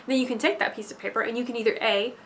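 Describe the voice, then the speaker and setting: A young woman talking straight to camera in an emphatic motivational monologue, swinging between loud insistence and hushed asides. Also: a little high, steady tone, racing, a little hiss or hum. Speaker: spiritual vlogger.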